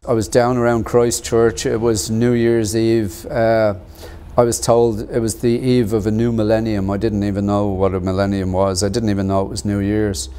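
A middle-aged man, telling his life story in an interview, measured and earnest, with pauses and fillers. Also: on the low side, level tone, warm tone, smooth. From Ireland. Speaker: actor and author interviewed about his book. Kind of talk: reflective personal storytelling.

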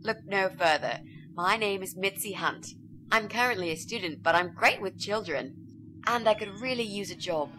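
An actress voices a video game character: an eager, polite young female student. Her medium-pitched delivery is bright and forceful, with lively intonation at a moderate pace, and there's slight background noise.

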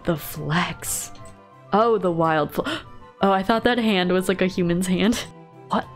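Woman gaming host, playful teasing commentary, faint classical music underneath. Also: medium pitch. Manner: playful, teasing, chatty with characters. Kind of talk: casual let's-play commentary.

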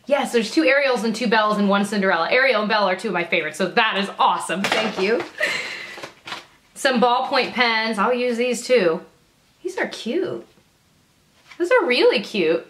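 A woman vlogging as she opens mail, gushing and excitable and laughing often; she works as a teacher. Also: on the high side. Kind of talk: casual unboxing chat. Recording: echoey room, faint noise.

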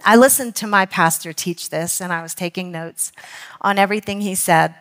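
A woman teaching a Bible study in church, earnest, reading quotations slowly and now and then correcting herself. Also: on the low side, a bit bright. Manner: earnest, reads quotes slowly, with self-corrections. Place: church hall.

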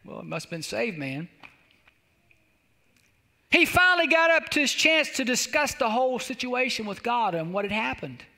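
A man's voice: extremely high pitch, very animated, normal speed, vocal fry, pauses often, bright, forceful tone. A man pastor preaching a sermon, exhorting and repeating calls to the congregation. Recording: long hall reverb.

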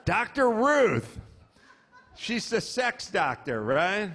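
Middle-aged guy ranting onstage, high-pitched voice, swears a lot, does mocking voices. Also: a bit bright. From United States. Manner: profane, exasperated storytelling with mocking voices. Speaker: podcast host. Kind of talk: live comedic rant. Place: comedy club stage before a live audience.

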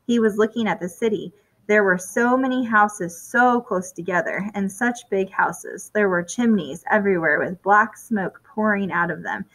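Woman narrator for a kids' chapter book, clear and even, mid-range voice. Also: medium pitch, moderate pace, low-quality recording. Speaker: storybook reader. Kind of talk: reading a children's chapter book aloud.

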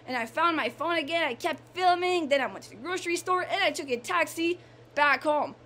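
A young woman from Canada vlogging casually, repeating herself and gushing with excitement. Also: high voice, fairly quick. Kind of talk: casual vlog monologue.

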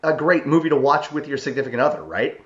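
A young man co-hosting a podcast, speaking haltingly with fillers and repeated starts. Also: mid-range voice, animated, a bit bright, highs cut off. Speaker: podcast co-host. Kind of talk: casual chat.

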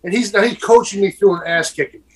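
High-voiced man telling a rambling story. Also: fast talker, husky. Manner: rambling, laughing, profane storytelling. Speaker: podcast co-host. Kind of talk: casual storytelling banter.

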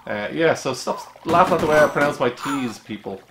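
Excitable Irish man commentating a game. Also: on the high side, brisk, background noise. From Ireland. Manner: chatty, excitable, jokey asides. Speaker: retro gaming YouTuber. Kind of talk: gameplay commentary. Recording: roomy room with game music. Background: game music.

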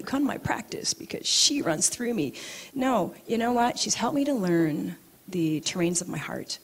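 Husky-voiced woman telling a story. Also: medium pitch. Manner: animated, laughing storyteller who acts out quotes. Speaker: acupuncturist giving a talk. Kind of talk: personal storytelling talk. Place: event venue.

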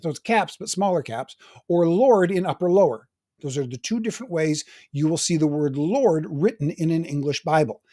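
A man's voice: a little high, dark tone. An older man, a teaching pastor, explaining the Bible in a chatty, self-deprecating way with frequent restarts.

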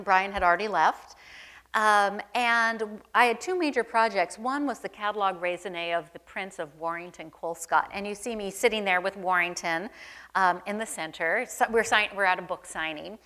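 A woman's voice: medium pitch, pushed and bright. A middle-aged woman speaks as the guest curator at a museum talk, trading anecdotes before an audience. Her delivery is chatty and self-deprecating, full of small ums and asides. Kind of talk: onstage conversation, anecdotal storytelling.

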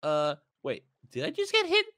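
A woman's voice: low-pitched, wildly swooping pitch, moderate pace, fairly bright tone, full character voice. A woman voicing a jumpy young male gamer who panics and screams in a scripted Minecraft role-play. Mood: frightened.

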